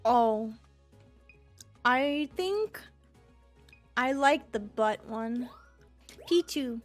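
A woman with a high voice gives let's-play commentary in an unhurried way. She gushes and squeals over cute creatures and tosses in silly jokes, with game music playing faintly under her. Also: expressive. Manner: silly joking asides. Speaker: gaming streamer.

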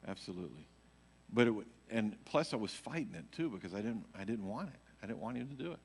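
A man with a lowish voice tells a loose, rambling testimony to a congregation, leaning on casual fillers as he goes. He is caught live in a church sanctuary, and his words trail off into a long hall reverb. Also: sing-song, quick pace, a little hiss or hum. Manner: rambling storytelling, heavy on fillers. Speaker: worship leader speaking at church.

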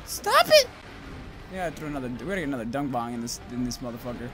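A young man commentating his own gameplay, rambling to himself and cursing loudly at the monsters. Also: medium pitch, rapid-fire, loud music behind the voice. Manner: profane, rambling, yells at monsters.

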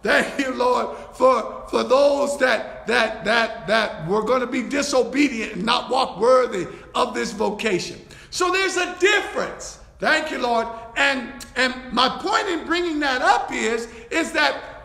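A man preaching a sermon as pastor, building to shouts and often repeating words, with frequent cries of hallelujah and thank you, Lord. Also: very high voice, expressive, slow pace, gravelly, roomy sound, big-room sound.

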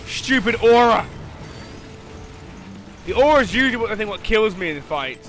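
A young man giving live gameplay commentary, swinging from loud swearing outbursts to low muttering as he plays. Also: animated, normal speed, long pauses, noisy background. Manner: swears and yelps at the game. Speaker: gaming commentator.

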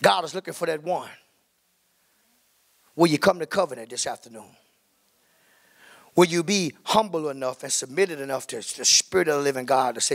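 A male pastor preaching a sermon in church, calling out "my God" and "come on, somebody" and building into drawn-out shouts. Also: on the high side, creaky. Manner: climbs into fervent, drawn-out shouting at the peaks.

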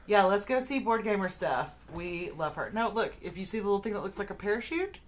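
A woman's voice: mid-range voice, sing-song, fairly quick, a little hiss or hum. A woman co-hosting a live game stream, chatting casually and rambling with lots of fillers. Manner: rambling, many "like" fillers, laughs often. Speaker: co-host of a board game stream.

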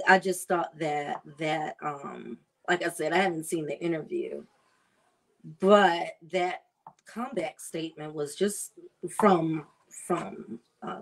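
Woman, cooking vlogger, casual kitchen chat, slow pace, savoring delivery. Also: sits low, creaky. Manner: chatty, drawn-out and savoring.

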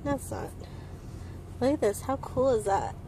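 A woman's voice: sits high, normal speed. Playful chatty woman vlogger, noisy car. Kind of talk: casual vlog chat. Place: car and store. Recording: noisy car and street recording.

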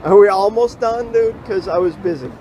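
A man with dry, deadpan delivery, talking outdoors on a city sidewalk. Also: high-pitched, moderate pace, crowd noise. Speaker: vlogger and lead. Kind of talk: casual video monologue. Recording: outdoor street recording with faint traffic.

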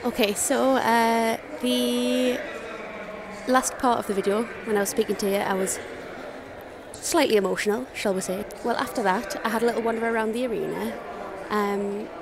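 A young woman vlogging to camera, excited and emotional, hesitant and full of fillers. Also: medium pitch, background noise. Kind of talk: casual vlog talk to camera. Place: convention arena and outdoors nearby.

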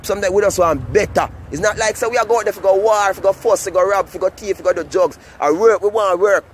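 A man's voice: sits high, fast talker, a little hiss or hum. A Jamaican man talking to his viewers in a casual, rambling vlog monologue full of "you know what I mean". He is recorded outdoors. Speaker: vlogger.

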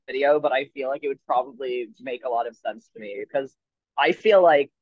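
A man's voice: mid-range voice, a little fast, no echo, narrow, tinny audio. A man chatting casually as a podcast co-host, rambling through anecdotes and acting out what other people said. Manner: rambling anecdotes with acted-out quotes. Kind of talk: casual chat.

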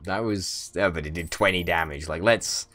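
A man's voice: deep voice, moderate pace, fairly bright tone, soft background music. A man hosting a let's play, bantering casually and swearing freely in mock outrage on a voice call.

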